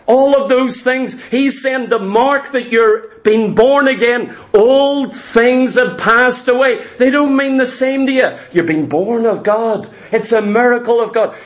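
A man delivers a sermon in a notably high-pitched voice, leaning on storytelling and acting out the voices of the people he quotes. His speech is full of stammered restarts and repeated words as he presses his points. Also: a little slow, hardly any pauses. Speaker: preacher.

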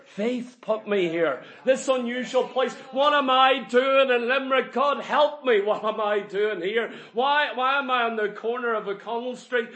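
A man preaching a sermon to a congregation, emphatic and full of rhetorical questions, building to loud peaks. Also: very high-pitched.

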